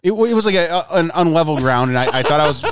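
A man's voice: fairly high pitch, lively intonation, rapid-fire, a little hiss or hum. Laid-back man on a podcast. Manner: laid-back, swears casually, stammers on restarts. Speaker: podcast co-host. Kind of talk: casual chat.

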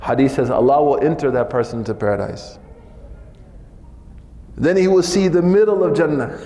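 A man's voice: a little high, moderate pace, mellow, big-room sound. A man giving an informal religious lesson in a casual, chatty way, often tacking "man" onto his sentences. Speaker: religious teacher.

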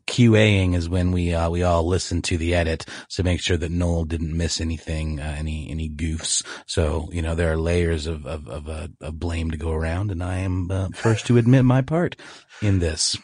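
A man co-hosting a casual podcast in an easygoing, self-deprecating way, often trailing off softly. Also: deep voice, fairly even intonation, normal speed, breathy edge, no echo, studio quality. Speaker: podcast co-host.

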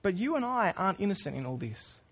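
A man's voice: high-pitched, very animated, fast talker, a bit bright, breathy edge. A man preaching a sermon in a casual, earnest way, with informal asides to the congregation. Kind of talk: conversational sermon.

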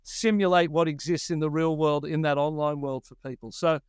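A man's voice: fairly high pitch, steady tone, fairly quick, clear, resonant tone, dry recording, clean studio sound. A man in his fifties with an Australian accent, a surf commentator telling stories in a casual interview and acting out his own past thoughts.

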